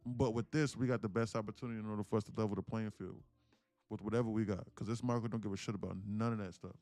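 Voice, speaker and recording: A man's voice: fairly low pitch, fairly even intonation, quick pace, darkish tone, no echo. A man around thirty, live-streaming to viewers, who talks emphatically, repeats "listen, look" and swears casually while telling a heartfelt story. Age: about 30. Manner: emphatic, repetitive, keeps saying "listen, look". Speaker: day trading streamer. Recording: dry close mic with faint music behind.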